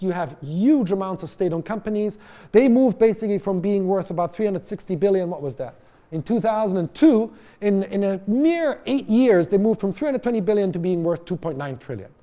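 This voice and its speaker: A man's voice: high-pitched, animated, brisk, mellow. A man giving a college lecture to an audience in a conversational way, with fillers and restarts, sometimes asking the room questions. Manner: addresses audience directly with questions. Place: lecture hall.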